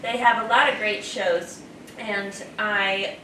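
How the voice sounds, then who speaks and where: A woman's voice: medium pitch, steady tone, takes it slowly, far from the mic. A woman doing improvised comedy as a contestant, delivering jokes in a matter-of-fact way. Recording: noisy, echoey room from afar.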